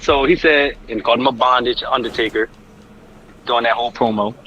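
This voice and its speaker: A man's voice: mid-range voice, steady tone, fairly quick, pushed and bright, lo-fi sound, a little hiss or hum. A man co-hosting a casual wrestling podcast, telling the story with energy and sound effects. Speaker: podcast co-host.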